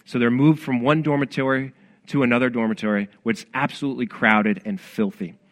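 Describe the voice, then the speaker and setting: A man's voice: mid-range voice, steady tone, brisk. A man preaching a sermon as pastor, earnest and conversational, with frequent restarts.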